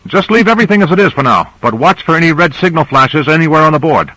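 A man's voice: on the high side, animated, fast talker, sharp tone, voice pushed up, rough recording. A man reading a novel aloud, voicing an alarmed male submarine pilot who calls out urgently. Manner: urgent calling out.

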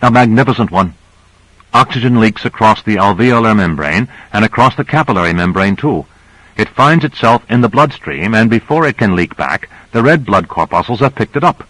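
A man's voice: lowish voice, expressive, normal speed, fairly bright tone, dry recording, low-quality recording. A man reading a novel aloud, voicing a young female assistant who explains things patiently. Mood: explaining.

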